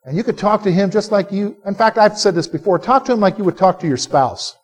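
High-voiced preaching man quizzing his congregation. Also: fast, husky, soft background music. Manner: animated preaching that quizzes the congregation for call-and-response; direct, conversational asides to the listeners. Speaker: pastor. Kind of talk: sermon. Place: church service before a live congregation.

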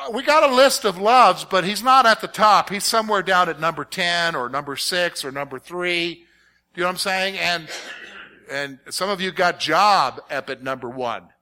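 Middle-aged guy preaching, high bright voice, keeps asking the crowd if they get it. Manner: animated, conversational preaching with direct questions to the congregation. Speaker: pastor. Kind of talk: sermon.

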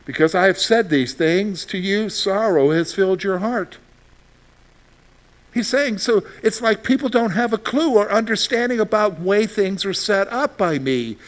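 A middle-aged male pastor with a fairly high voice preaches with animated energy. He fires rhetorical questions at his listeners and swings between loud emphatic bursts and soft, confiding asides. He sounds like a sermon delivered to a congregation. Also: measured pace.

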